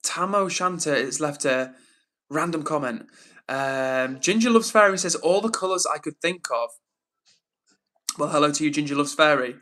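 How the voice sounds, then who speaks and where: Bright-voiced English man reading chat. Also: fairly high pitch, animated, normal speed. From England. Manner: friendly, reads out chat messages and greets viewers by name. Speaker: live streamer. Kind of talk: casual live-stream chat reading viewer comments.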